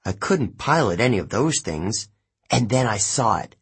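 A man narrating an audiobook in the first person, expressive and unhurried. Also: on the low side, husky.

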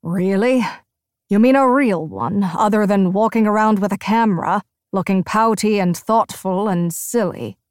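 A woman narrator voicing a sardonic young man who taunts in a dry, deadpan way. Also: medium pitch, unhurried, no echo, natural voice. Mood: mocking.

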